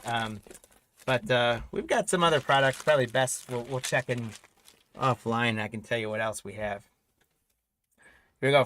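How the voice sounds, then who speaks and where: A man's voice: mid-range voice, fairly bright tone, slight background noise, low-quality recording. A man hosting a live card-breaking stream, casually reading off names and teams and chatting with viewers while tearing into packs, with hiccups. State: has the hiccups.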